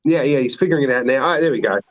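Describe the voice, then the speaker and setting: A man's voice: mid-range voice, racing, muffled recording. A man hosting a casual chat, teasing and sarcastic. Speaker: host.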